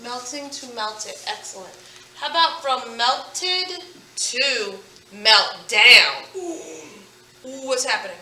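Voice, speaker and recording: A woman teacher leading a phonics lesson, stretching out words slowly and praising her students as she goes. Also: on the high side, expressive, bright, forceful tone, roomy sound, recorded from a distance, a little hiss or hum, poor audio. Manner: slow, drawn-out word modelling with praise.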